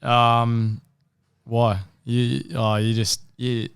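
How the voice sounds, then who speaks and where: A man's voice: medium pitch, level tone, very slow, gravelly, clean tone. A man co-hosting a casual racing podcast, laid-back and blunt, swearing and teasing his co-host. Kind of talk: casual racing tips chat.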